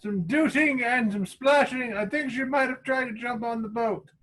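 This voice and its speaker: A man's voice: very high-pitched, normal speed, fairly bright tone, pitched above the performer's own voice. A man voicing his male adventurer character, an eager scout reporting in hurriedly. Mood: urgent.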